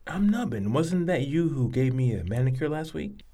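An actor playing a friendly, humble, folksy man who chats gently and warmly with a young woman. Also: mid-range voice, animated, moderate pace.

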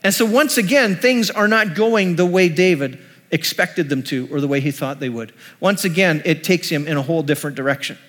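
A male pastor delivers a sermon, retelling a scripture story as he goes. His voice sits a little high for a man. A long reverb trails each phrase, as in a church hall. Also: brisk, a bit bright.

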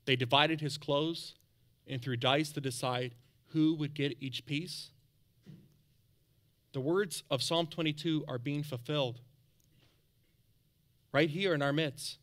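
A man preaching a sermon as pastor, animated, calling out to the congregation for responses, then dropping soft for encouragement. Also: measured pace, long pauses. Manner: drops to a soft, low tone for quiet encouragement.

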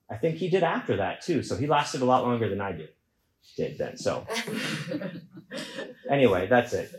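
Self-mocking man telling a comic story. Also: mid-range voice. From Houston, Texas. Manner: conversational, self-mocking, acts out shouts in quoted voices. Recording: echoey room.

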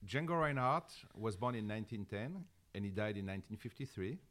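A man with a French accent and a fairly low voice speaks in an interview. He explains ideas reflectively, pausing on fillers as he goes. His delivery is measured and earnest. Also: animated, a bit bright. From France. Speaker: guest musician. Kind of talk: interview answers.

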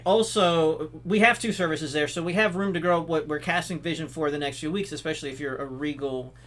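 A man's voice: a little high, a little fast, fairly bright tone. A man, an executive pastor speaking as a podcast guest, enthusiastic and explanatory. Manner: enthusiastic, explanatory, many restarts and fillers. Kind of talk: casual podcast interview.

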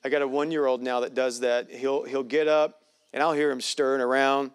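A man's voice: medium pitch, level tone, a little fast, clean tone. A man preaching a sermon in a folksy, joking way with playful asides. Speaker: pastor.

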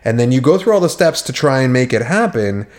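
A man's voice: mid-range voice, big pitch swings, fast talker, darkish tone. A man co-hosting a podcast, telling rambling, profane stories in casual chat with many restarts. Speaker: podcast co-host.

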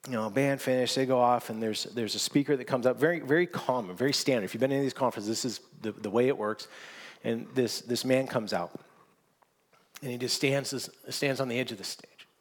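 A man preaching a sermon, telling stories with lively swings from near whispers to loud exclamations, often restarting his words. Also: mid-range voice, brisk. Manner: animated storytelling, swinging from hushed to shouting; frequent restarts and repeated words. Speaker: pastor.

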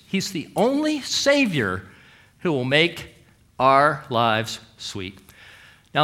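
A man preaching a sermon with emphatic delivery, dramatic pauses and quoted scripture. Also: high-pitched, bright, forceful tone. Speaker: pastor.

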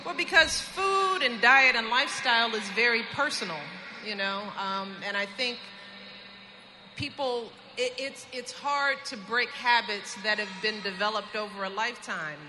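A woman's voice: a little high, normal speed, background noise. A woman answering interview questions on stage in an earnest, emphatic way, heard in a clip played back. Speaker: interview guest.

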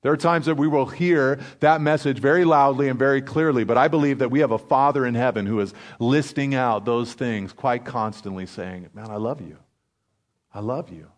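A man preaching a sermon in an earnest, conversational way, slowing down and dropping to a near hush on his key lines. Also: medium pitch, steady tone. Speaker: pastor.

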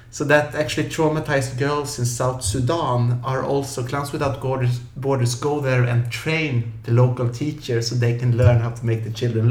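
A professional clown telling lively stories in an interview, acting out scenes with yelps and funny voices. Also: male voice, medium pitch. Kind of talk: animated storytelling in an interview. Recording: echoey room.

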